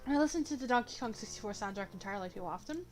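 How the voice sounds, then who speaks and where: Young female streamer, higher voice, rambly self-talk, faint music bed. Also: animated, very fast. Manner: rambling, self-talking, jokey, greets chat. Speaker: streamer drawing live. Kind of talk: casual live-stream chatter. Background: faint background music.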